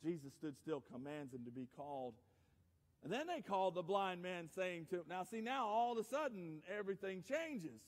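A man preaching a sermon as pastor, dropping low and quiet then rising to shouts. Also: animated, normal speed. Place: church sanctuary. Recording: church sanctuary with long reverb.

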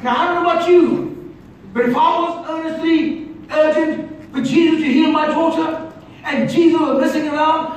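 A man preaches with a very high voice, shouting out some points and then dropping low and soft. He is heard from a distance in a big, echoing church hall with faint noise underneath. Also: steady tone, moderate pace. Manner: shouting, emphatic preaching with sudden drops to quiet. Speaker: pastor. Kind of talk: sermon.

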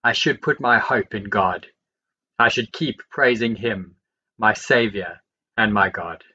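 A man reading the Bible aloud, verse by verse, in a steady and measured way. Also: on the low side, slightly rough, dull audio. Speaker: Bible reader.

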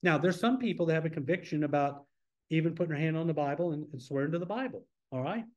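A man leading a church Bible study in a relaxed, conversational way, asking the class questions as he teaches. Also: a little high, fast, highs cut off. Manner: informal, asks the class questions.

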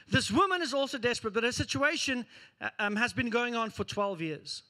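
A man preaching a sermon as pastor, telling a story with lively acted-out scenes. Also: extremely high pitch, moderate pace. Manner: animated storytelling, acting out scenes.

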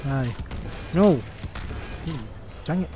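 A man giving excited live commentary while playing a co-op shooter, yelling at enemies and teammates. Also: on the high side, normal speed. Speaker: gamer playing co-op multiplayer. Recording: game music playing behind.

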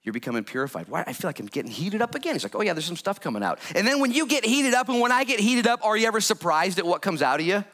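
A man preaching a lively sermon as pastor, jokey and animated, with sudden loud bursts. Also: sits high, very fast, few pauses.

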